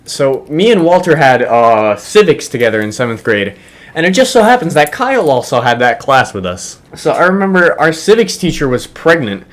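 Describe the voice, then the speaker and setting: A man's voice: on the high side, normal speed. A young man casually telling a funny school story, swearing often and laughing as he goes. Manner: animated, profane, laughs while telling.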